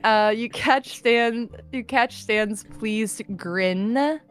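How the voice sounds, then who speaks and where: A woman's voice: a little high, drawn-out words, soft background music. A woman with a slight lisp, reading fan fiction aloud on a stream and chatting casually. She giggles, mocks herself and stumbles over words. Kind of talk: casual stream chat with read-aloud narration.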